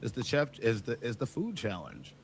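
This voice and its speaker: A man's voice: medium pitch, wildly swooping pitch, normal speed, a little hiss or hum. A man chatting on a livestream, rambling through his plans. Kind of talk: casual chat.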